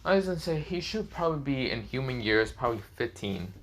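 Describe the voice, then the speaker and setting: A man's voice: medium pitch, expressive, brisk, fairly bright tone, a little hiss or hum. A man telling a casual fan-fiction story off the cuff, rambling with many fillers and repeated phrases.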